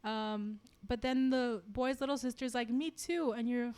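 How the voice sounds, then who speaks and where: A woman co-hosting a podcast, reading fan fiction aloud and chatting in an animated, giggly way. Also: a little high, normal speed, clear, resonant tone. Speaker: podcast co-host.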